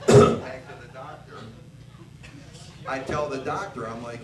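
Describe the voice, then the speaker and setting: A man's voice: fairly high pitch, lively intonation, measured pace, pauses often, a loud crowd. An older man doing a crude, profane stand-up set, acting out the dialogue in his stories. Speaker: stand-up comedian. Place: comedy bar stage. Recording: echoey bar recorded from a distance, noisy.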